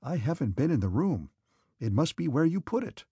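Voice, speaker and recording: A man's voice: a little high, very animated, normal speed, mellow, husky, dry recording, voice pushed up, full character voice. A man voicing a male orderly who answers in a scolding, defensive way. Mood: grumbling. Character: grumbling male orderly, servant.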